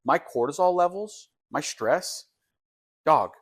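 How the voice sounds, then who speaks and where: A man's voice: fairly high pitch, lively intonation, slow pace. A young man co-hosting a podcast, chatting casually with slangy, joking asides. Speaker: podcast co-host. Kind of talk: casual chat.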